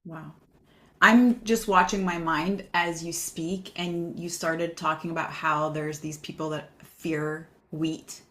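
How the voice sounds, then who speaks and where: A woman's voice: low voice, fairly even intonation, takes it slowly, a bit bright. A woman hosting a casual podcast interview, reflective and enthusiastic as she asks questions. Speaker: podcast host.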